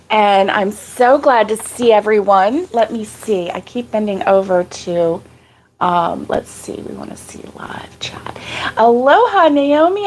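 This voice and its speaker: A woman hosting a casual live crochet stream, out of breath, chatting and greeting viewers by name. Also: a little high. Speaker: crochet channel host.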